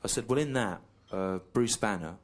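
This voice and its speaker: Deadpan English comedian, low voice. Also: male voice. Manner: deadpan, slow, repetitive storytelling. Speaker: stand-up comedian. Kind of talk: stand-up routine. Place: theatre stage with audience. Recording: clear audience noise behind. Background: audience laughter.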